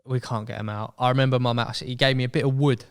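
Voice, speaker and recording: A young man telling a story as a podcast guest in casual chat, animated and acting out voices. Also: mid-range voice, racing, clean tone. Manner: chatty, animated, acts out quoted voices.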